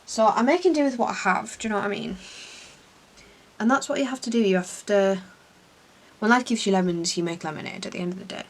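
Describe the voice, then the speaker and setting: Recording at home, this English beauty vlogger keeps up a casual, self-deprecating chat as she applies her makeup. She's young, her voice is mid-range, and her pace is quick.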